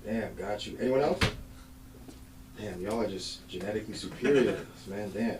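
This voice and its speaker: A man doing a stand-up set, telling stories in a lively way and acting out the voices of other people. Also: lowish voice, normal speed, far from the mic, slight background noise. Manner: animated storytelling, acts out voices. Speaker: stand-up comedian. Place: comedy club stage. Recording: roomy live venue, mic heard from afar, audience. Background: crowd laughter.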